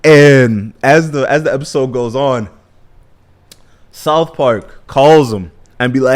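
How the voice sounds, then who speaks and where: A man's voice: medium pitch, slow. A young man giving a casual episode recap, rambling, self-correcting and slangy. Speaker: commentary vlogger.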